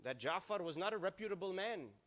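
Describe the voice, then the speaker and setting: Guy preaching in a mosque, fired up then hushed, voice sits a bit high. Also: lively intonation, a little fast. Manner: impassioned, swings between raised and hushed delivery. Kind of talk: sermon.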